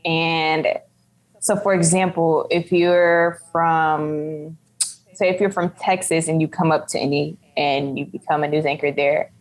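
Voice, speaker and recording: Chatty woman news reporter, lower voice. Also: fairly even intonation, measured pace, rough recording. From Midwest. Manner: chatty, explains at length with many fillers. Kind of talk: casual podcast interview.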